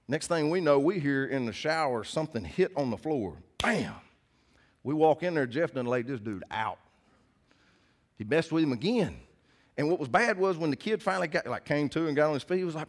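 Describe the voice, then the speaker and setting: A middle-aged man with a drawl preaches in a mid-pitched voice. He tells stories with lots of energy, jumping from loud bursts down to near-whispers. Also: fairly quick. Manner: animated storyteller, swings between loud and hushed. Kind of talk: sermon with personal stories.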